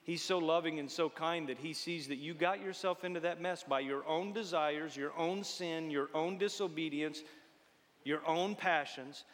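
A preacher with a high, bright voice delivers a folksy, joking sermon. He swings from loud exhortation down to hushed tones, and his voice rings through a reverberant church hall.

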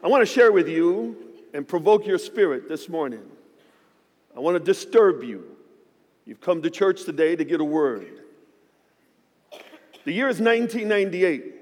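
A man in his fifties, a guest pastor, preaching a sermon in a church with lively, joking storytelling. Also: on the high side, normal speed, in a large hall. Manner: animated storytelling with joking asides. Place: church sanctuary.

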